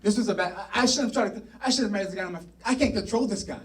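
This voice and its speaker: A man's voice: high-pitched, racing, distant mic, natural voice. A man voicing an angry, jealous middle-aged king who rants and accuses. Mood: worried. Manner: ranting, accusing.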